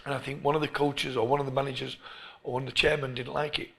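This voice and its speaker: A middle-aged English man, a football coach being interviewed, who tells stories in an animated way and often restarts his phrases. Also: mid-range voice, fast talker, gravelly. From England. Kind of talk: storytelling interview.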